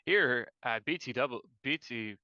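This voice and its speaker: Bright, jokey man from Canada. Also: medium pitch, expressive, a little slow, no room sound, highs cut off. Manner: jokey, rambling, laughs at own bits. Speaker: podcast co-host. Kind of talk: casual live-stream chat.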